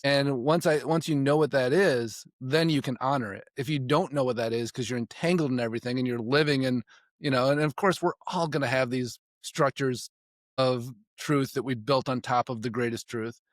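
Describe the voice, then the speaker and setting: A man's voice: mid-range voice, normal speed, dry recording, clean studio sound. A man talking casually and reflectively as a podcast guest, rambling with restarts. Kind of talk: casual conversation.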